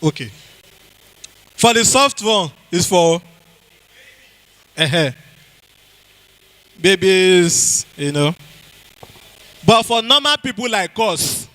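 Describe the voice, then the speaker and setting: A man's voice: high-pitched, expressive, takes it slowly, long pauses, bright, forceful tone, rough recording. A man with a Nigerian accent giving a health talk to a church congregation, quizzing the audience and repeating key phrases. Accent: Nigerian English.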